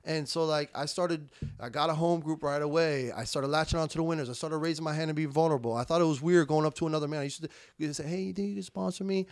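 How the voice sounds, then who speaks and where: Fast and with few pauses, this young man's fairly high, smooth voice keeps a fairly even intonation. On a podcast he shares a candid recovery story in conversation, emphatic and full of swearing street slang, repeating words and quoting himself, in a dry, studio-quality recording.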